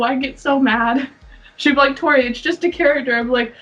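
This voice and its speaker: A young woman with a high voice chats casually and rambles with frequent giggles. She sits back from the mic, and the sound is muffled and lo-fi, with soft music underneath. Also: a little fast, recorded from a distance. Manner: giggly, rambling, often breaks into laughter. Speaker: podcast co-host. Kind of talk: casual chat.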